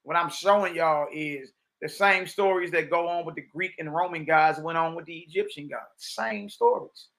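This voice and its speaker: Male Bible teacher, high-pitched, emphatic street-style preacher reading texts aloud. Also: moderate pace, few pauses, a bit bright. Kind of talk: livestreamed religious teaching.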